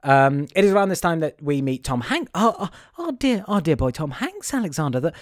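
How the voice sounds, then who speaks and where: A man's voice: a little high, sing-song, brisk, no room sound, clean studio sound. A man co-hosting a film podcast in casual chat, playful and wry, steering the talk along. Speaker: podcast co-host.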